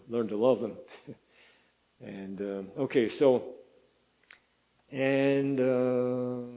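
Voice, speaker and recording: An older man preaching a sermon in a folksy, halting way, with many fillers and restarts. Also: mid-range voice, warm tone, poor audio. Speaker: pastor.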